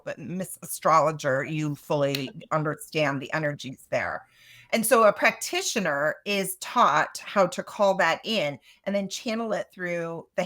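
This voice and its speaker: Middle-aged woman guest, lowish pitch, earnest and conversational, a Reiki teacher. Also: fairly bright tone. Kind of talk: casual interview talk.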